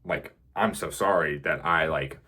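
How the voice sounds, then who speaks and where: A man's voice: a bass voice, unhurried, sharp tone, slightly rough, heavily acted. A young man voicing a blinded one-eyed giant in a casual retelling, in a whiny tone. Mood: alarmed.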